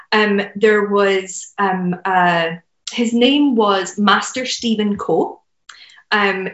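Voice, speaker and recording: A woman's voice: on the high side, a bit bright. A woman guest sharing a heartfelt personal story, earnest, with lots of fillers. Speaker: podcast guest, business mentor. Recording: roomy, dull lo-fi sound.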